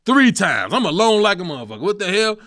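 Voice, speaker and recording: A man, hosting a comedic solo talk show, animated and profane, breaking into sung snippets. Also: high voice, fast. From Chicago. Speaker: host.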